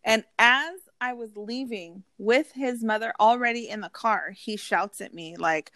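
A woman's voice: fairly high pitch, a little slow, few pauses, a bit bright, no echo. A woman in casual conversation, telling a personal story bluntly with heavy swearing and quoting what people said. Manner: blunt and profane, storytelling with quoted voices. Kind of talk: casual chat.

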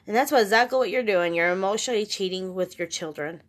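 A woman's voice: mid-range voice, quick pace, few pauses. A middle-aged woman talking to her camera in an earnest, emotional, rambling way, with restarts. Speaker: vlogger. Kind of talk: personal vlog confiding about co-parenting struggles.

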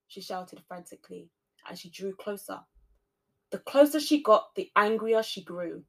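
A woman hosting a podcast, narrating a spooky story with expressive shifts between loud and soft delivery. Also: medium pitch, normal speed, creaky. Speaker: podcast host reading a story.

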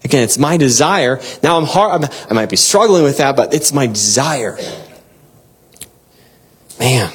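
A man preaching a devotional sermon and reading scripture, earnest and exhorting, with bursts of excitement and soft laughs. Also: mid-range voice, measured pace, pauses often, breathy edge.

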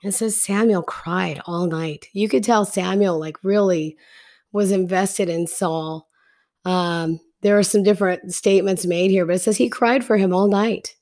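A woman's voice: medium pitch, steady tone, a little slow, darkish tone. A woman teaching a Bible story in a casual, chatty way, retelling scripture in slangy everyday speech.

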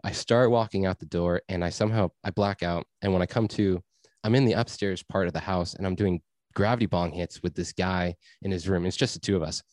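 A man's voice: low-pitched, steady tone, fairly quick, darkish tone, no room sound. A young man telling a rambling story in a casual chat, laid-back, swearing and full of fillers. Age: young adult.

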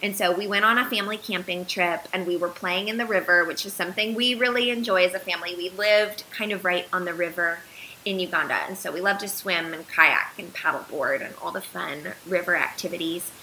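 A woman in her thirties tells a heartfelt personal story as a podcast guest, with an animated, earnest delivery full of "um"s and "like"s. Her voice is bright and forward, and a faint hiss sits under the recording. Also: lowish voice, fairly quick, low-quality recording. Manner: earnest, animated retelling with filler words.

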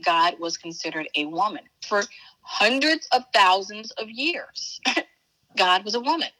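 Forceful, emphatic woman spiritual teacher. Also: fairly low pitch, poor audio. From Chicago, USA. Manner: emphatic, folksy, calls listener baby and honey. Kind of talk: casual interview chat.

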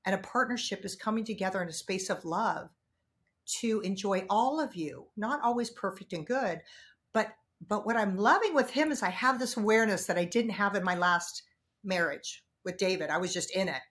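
A woman talking as a podcast guest, telling personal stories frankly and animatedly, jumping from loud outbursts to hushed asides. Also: medium pitch, normal speed. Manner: frank, casual swearing. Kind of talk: candid conversational storytelling.

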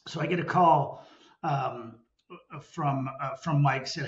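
A middle-aged man telling stories about sales work in a relaxed interview, with many restarts. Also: medium pitch, slow pace, echoey room, muffled recording. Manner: reflective, storytelling with many restarts. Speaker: guest, former sales executive. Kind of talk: casual interview conversation.

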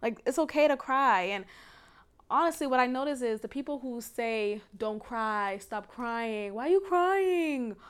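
A woman's voice: medium pitch, fairly bright tone, smooth. A young adult woman hosting a faith podcast, talking casually and emphatically, laughing often. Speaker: podcast host.

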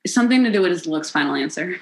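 A young American woman co-hosting a casual chat, playful and joking, swearing freely, with sudden high-pitched outbursts. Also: lively intonation, racing, creaky, rough recording. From United States. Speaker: podcast co-host.

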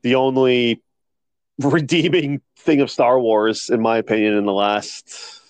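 Animated podcast guy on a dry mic. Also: mid-range voice, a little slow, clean tone, no room sound. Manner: animated storyteller, opinionated. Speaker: podcast co-host. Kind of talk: casual chat.

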